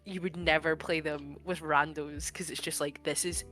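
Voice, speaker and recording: A woman's voice: low voice, fairly even intonation, normal speed, sharp tone, soft background music. A woman co-hosting a gaming podcast, chatting casually in a wry, blunt way. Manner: laughs often, wry and blunt. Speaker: podcast co-host. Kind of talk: casual chat.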